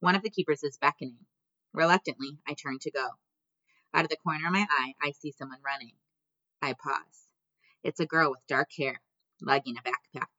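Low-voiced woman narrating a story. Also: steady tone, fairly quick, sharp tone, no echo, lo-fi sound. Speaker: audiobook narrator. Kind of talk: scripted narration.

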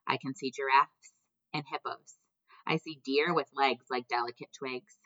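A woman narrating an audiobook in the first person, in a measured, gently expressive way. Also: a bass voice, no room sound, lo-fi sound. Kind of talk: scripted narration.

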